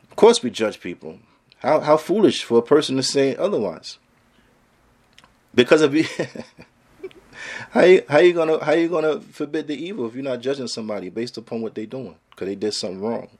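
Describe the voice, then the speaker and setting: A man's voice: medium pitch, expressive, quick pace, a little mellow. Emphatic male Islamic lecturer. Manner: emphatic, full of rhetorical questions; casual street phrasing. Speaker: Islamic teacher. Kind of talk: religious lecture.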